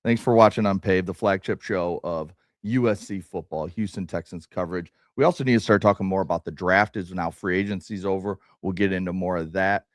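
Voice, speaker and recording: Brief: low-voiced male co-host, relaxed casual delivery, dry recording. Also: a little fast, hardly any pauses, no room sound. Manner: relaxed, easygoing, short replies. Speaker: sports talk co-host. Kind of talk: casual sports talk chat.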